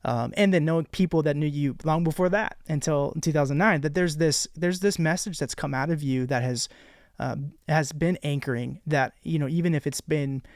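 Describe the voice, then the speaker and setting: Halting, rambling podcast host man. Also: fairly high pitch, no room sound, studio quality. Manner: halting, rambling, many restarts. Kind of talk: casual podcast conversation.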